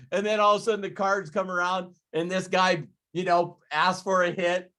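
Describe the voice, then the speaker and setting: A man's voice: high-pitched, moderate pace, few pauses. A man hosting a group video call, telling casual stories and acting out other people's voices with energy. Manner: animated, acts out gamblers' voices. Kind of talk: casual storytelling to a live call.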